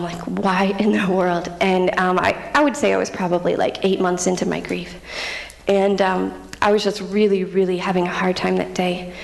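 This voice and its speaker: A woman's voice: fairly low pitch, vocal fry. A young woman, a missionary, giving a candid personal testimony with self-mocking humor and frequent laughter. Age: young adult. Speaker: missionary speaker. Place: church hall. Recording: long church hall reverb.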